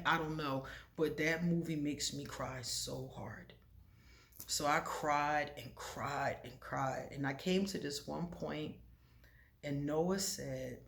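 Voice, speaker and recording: A woman vlogging in a casual chat to the camera, animated and confiding, laughing often as she talks to her viewers. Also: low voice. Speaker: spiritual vlogger.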